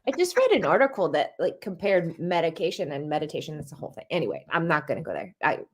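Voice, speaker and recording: A woman, chatting as a guest author and coach, telling self-deprecating stories with lively energy. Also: low-pitched, fast. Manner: animated, self-deprecating storyteller. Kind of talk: casual chat.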